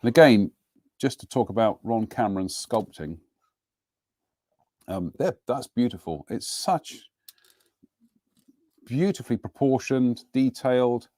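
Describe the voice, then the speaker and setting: A man's voice: mid-range voice, lively intonation, unhurried, long pauses, dark tone, dry recording, studio quality. A middle-aged man hosting a live model-building broadcast from his home workbench, chatting in a rambling, self-deprecating way. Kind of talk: casual live demonstration and chat.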